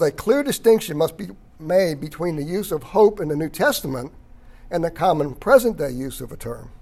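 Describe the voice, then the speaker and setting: A man teaching a Bible study lecture, reading passages aloud, stressing key words and often clearing his throat. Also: a little high, darkish tone. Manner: emphatic on key words, occasional chuckle.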